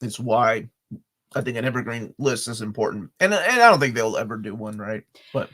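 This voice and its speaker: A man from Peru co-hosts a relaxed live stream. He talks in an animated way with a middle-pitched voice that rises and falls a lot, and he laughs easily while riffing on viewers' comments. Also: normal speed. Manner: animated, laughs often, jumps between chat comments. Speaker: co-host. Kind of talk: casual live-stream chat.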